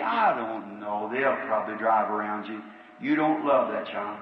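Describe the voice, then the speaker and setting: Folksy Southern preacher in an echoey hall. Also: male voice, mid-range voice, lively intonation, fairly quick, highs cut off, a little hiss or hum. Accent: Southern American. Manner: folksy, earnest, calls out numbers to the crowd. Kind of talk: revival sermon and healing line. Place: large auditorium. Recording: old echoey hall tape from far off.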